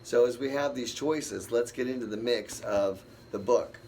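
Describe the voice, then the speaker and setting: A man's voice: medium pitch, normal speed, a little mellow, a little hiss or hum. A man leading a casual Bible study, rambling, thinking aloud and answering the verses he reads. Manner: rambling, thinks aloud and talks back to scripture.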